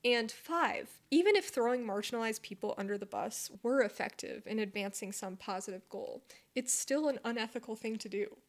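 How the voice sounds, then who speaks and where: A woman's voice: a little high, moderate pace, few pauses. A woman vlogger delivering scripted commentary, blunt and argumentative, swearing for emphasis.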